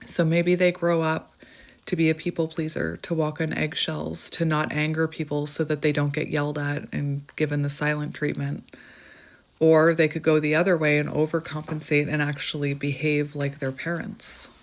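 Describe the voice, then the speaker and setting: A woman's voice: sits low, little pitch movement, moderate pace. A woman chatting casually as she gives a tarot reading, laughing often and thinking aloud. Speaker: tarot reader.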